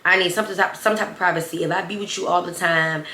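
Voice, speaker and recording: A woman's voice: lowish voice, steady tone, fast, bright, forceful tone. A young woman in a casual storytime vlog, talking emphatically to viewers. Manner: chatty, emphatic, addresses viewers as y'all. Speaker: storytime vlogger. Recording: roomy echo, faint ambient noise.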